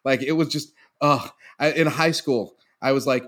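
A man's voice: mid-range voice, normal speed, fairly bright tone. A man in casual podcast chat, wry and self-deprecating. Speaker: podcast co-host.

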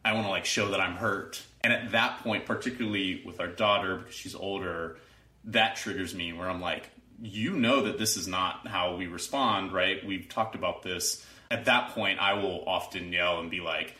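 A man's voice: deep voice, normal speed, sharp tone, roomy sound. A man, a father and lawyer, talking casually about family struggles in a rambling way, full of "like". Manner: rambling, heavy use of "like". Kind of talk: casual conversation.

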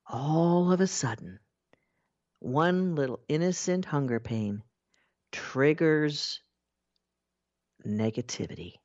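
A woman giving a spiritual talk, acting out everyday inner voices and slowing down to stress key words. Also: sits low, expressive, a little mellow. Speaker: spiritual teacher. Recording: dull lo-fi recording.

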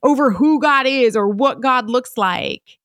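A woman hosting a podcast, teaching in an earnest monologue full of rhetorical questions and emphatic pauses. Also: sits high, fairly bright tone, dry recording, studio quality. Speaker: podcast host.

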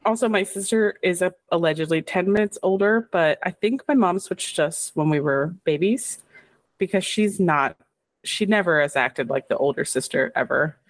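A woman's voice: fairly low pitch, normal speed, no room sound. A woman in her thirties co-hosting a chat podcast, rambling and laughing through her stories. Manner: giggly, rambling, lots of laughing asides. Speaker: podcast co-host. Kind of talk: casual chat.

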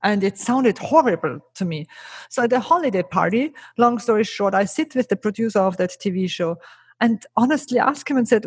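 A middle-aged non-native English speaker, a keynote speaker and trainer, tells her career story as a podcast guest. Her mid-range voice is brisk and slightly rough on a dry recording, and she speaks earnestly and emphatically, often asking a rhetorical "right?"

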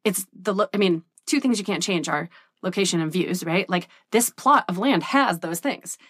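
A woman's voice: on the low side, normal speed, fairly bright tone, slightly rough, no echo, studio quality. A woman in her thirties talking to camera in a candid, casual vlog, chatty and full of "like" and "right?". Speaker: business coach and vlogger.

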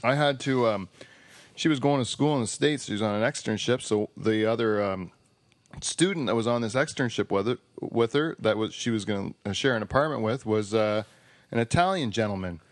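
A man's voice: lowish voice, a little fast, no echo. A man hosting a podcast, telling a rambling, joking story full of restarts in casual chat. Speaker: podcast host.

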